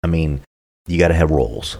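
Man, very low voice, co-host, casual rambling chat. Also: moderate pace. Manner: relaxed, rambling, repeats himself.

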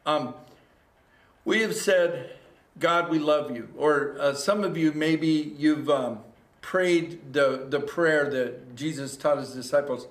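Pastor guy preaching into a camera, kinda high voice, echoey room, keeps repeating himself. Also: slow pace, a bit bright. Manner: earnest, repeats phrases, rises to exhortation. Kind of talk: livestreamed sermon. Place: church room.

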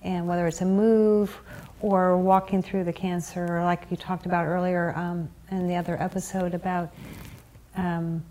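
A woman hosting a faith podcast, speaking in an encouraging, affirming way and halting now and then. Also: fairly low pitch, little pitch movement, mellow, slight background noise. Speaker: podcast host. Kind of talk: casual faith conversation.

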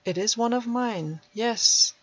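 Woman doing a gentle old man, peaceful, humble, soft-spoken, dull dry recording, storybook reading. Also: a little high, takes it slowly, husky, no echo, pitched above the performer's own voice, exaggerated voice. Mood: calm.

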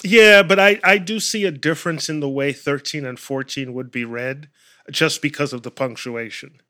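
Bright-voiced man arguing over a verse. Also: a little high, normal speed. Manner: careful reader, argues his point insistently. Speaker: Bible study participant. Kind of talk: scripture reading and discussion.

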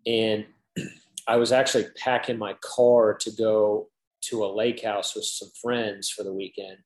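A man's voice: on the low side, flat delivery, unhurried, reverberant, poor audio. A man in his thirties, a guest in an interview, telling a long story casually with lots of "like" and acted-out quotes. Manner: chatty, peppered with "like", acts out quoted dialogue.

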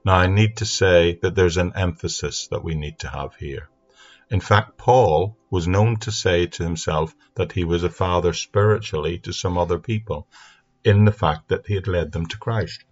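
A man giving an earnest, steady Bible teaching talk into a microphone for an online audience. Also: deep voice, normal speed, breathy edge. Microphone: speaking into a mic. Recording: dull lo-fi sound.

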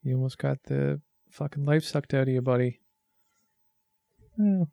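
A man's voice: medium pitch, normal speed, vocal fry, mellow, no echo, studio quality. A man in casual chat about a movie, easygoing and swearing freely, calling his friend dude and man. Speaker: movie watch-along co-host.

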